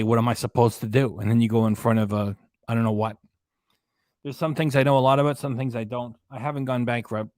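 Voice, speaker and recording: Man, live-stream reaction host, from ontario canada, opinionated, rambling asides, middle pitch, dry close sound. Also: dry recording.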